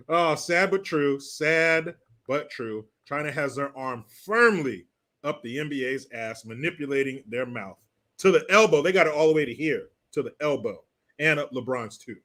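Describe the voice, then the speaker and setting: A man's voice: a little high, unhurried, fairly bright tone. A man hosting a casual commentary show, reading out viewer messages and joking between them with frequent laughs. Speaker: host.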